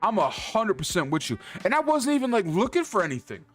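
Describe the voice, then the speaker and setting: A man's voice: high voice, sing-song, brisk, a bit bright, soft background music. A man streaming from home, ranting heatedly about card pack prices, swearing constantly and repeating himself as he gets worked up. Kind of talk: profane heated rant to stream chat. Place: indoor streaming setup.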